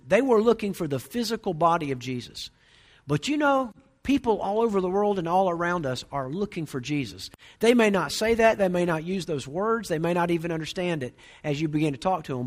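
A middle-aged man preaching a sermon, conversational, with storytelling asides. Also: high voice. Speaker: pastor.

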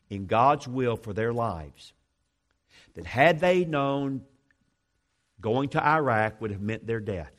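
A man in his fifties preaching a sermon, driving hard on some points and dropping low and quiet on others. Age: 50s. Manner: emphatic preaching, swinging between loud declarations and low, quiet intensity. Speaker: pastor.

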